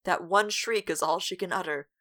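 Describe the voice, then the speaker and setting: A woman's voice: fairly low pitch, normal speed, pushed and bright. A woman co-hosting a podcast, reading a gothic novel aloud with dramatic weight and breaking in with wry jokes. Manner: dramatic read-aloud broken by wry asides.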